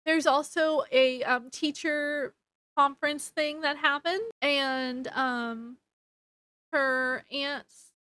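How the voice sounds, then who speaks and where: Slow, high-voiced woman reviewing a book. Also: fairly even intonation, bright, forceful tone, no echo. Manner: rambling, hesitant, with fillers and self-corrections. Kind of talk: casual book review vlog.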